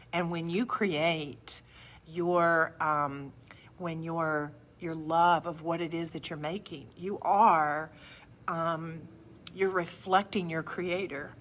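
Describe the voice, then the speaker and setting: A middle-aged woman, hosting a live craft demonstration and chatting with viewers as she works. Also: fairly low pitch. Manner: chatty, warm asides to viewers. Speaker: craft studio host. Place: craft studio.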